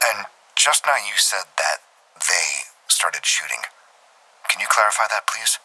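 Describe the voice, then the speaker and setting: An actor playing a calm male FBI interrogator who questions a witness in a soothing, near-whispered voice. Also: sits low, measured pace, husky, heavily acted, poor audio.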